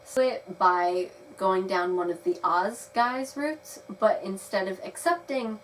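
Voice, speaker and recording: A woman's voice: mid-range voice, slow. A young woman giving a chatty, rambling video review of a game, laughing now and then. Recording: slightly distant mic with faint noise.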